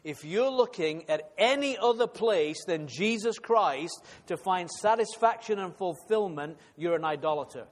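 Male preacher, earnest sermon delivery, higher voice, long hall reverb. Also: animated, measured pace, few pauses. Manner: earnest, repeats words when building emphasis.

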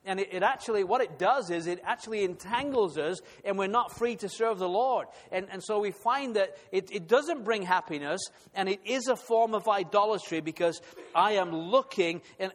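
Male preacher, earnest sermon delivery, higher voice, long hall reverb. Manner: earnest, repeats words when building emphasis.

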